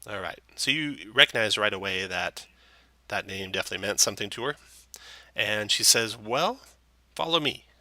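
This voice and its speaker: A man narrating as dungeon master in a relaxed, meandering way, with plenty of fillers. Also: fairly low pitch, moderate pace, no echo. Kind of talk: narrating a tabletop game.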